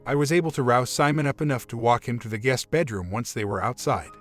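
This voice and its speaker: Male narrator at medium pitch for a story channel, steady and plain, soft music underneath. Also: fast talker. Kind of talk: scripted narration.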